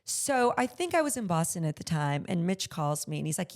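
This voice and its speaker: A middle-aged woman who owns a luxury consignment store is a podcast guest, speaking briskly in a slightly low, gravelly voice edged with fry. In a relaxed conversational interview, she tells stories candidly and animatedly, slipping into the voices of the people she quotes.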